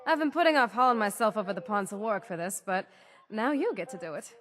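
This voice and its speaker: A woman's voice: mid-range voice, lively intonation, fast talker, fairly bright tone, natural voice. A woman voicing a brash female gang member in a game, slangy and teasing. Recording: game audio with reverb and music.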